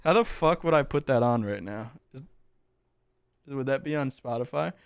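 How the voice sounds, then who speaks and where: A man's voice: mid-range voice, expressive, moderate pace, gravelly, clear, resonant tone, no echo. A man streaming live, chatting casually with his chat, joking and swearing as he reacts. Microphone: close desk mic with headphones.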